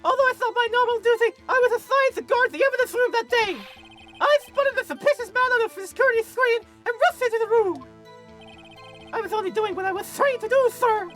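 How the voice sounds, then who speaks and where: A woman doing a shouting, overeager young cop. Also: very high-pitched, a little fast, soft background music, voice pushed up. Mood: eager shouting. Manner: yells every line, ends with "sir". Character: overeager young male police officer, shouting.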